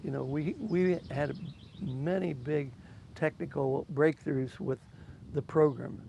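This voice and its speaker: A man in his eighties speaking haltingly in a recorded interview, pausing often with fillers. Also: a little high, steady tone, vocal fry, dark tone, a little hiss or hum.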